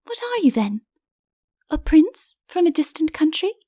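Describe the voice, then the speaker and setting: A woman voicing a gentle, playful young princess in an audiobook, with a light, lilting, teasing delivery. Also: high voice, very animated, measured pace, no room sound, studio quality, pitched above the performer's own voice. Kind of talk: audiobook character voice.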